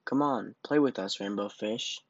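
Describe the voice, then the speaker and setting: A man's voice: fairly low pitch, normal speed, slightly rough, dry recording, muffled recording. A man voicing a group of friendly, playful fish in a storybook, calling out invitingly. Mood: coaxing. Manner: inviting, coaxing.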